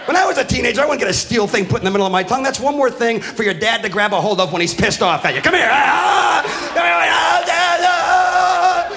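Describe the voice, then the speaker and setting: A middle-aged man doing a stand-up comedy routine, ranting with profanity and building to shouted outbursts. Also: high-pitched, racing, hardly any pauses. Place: live comedy venue with an audience. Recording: live stage recording with faint crowd and noise.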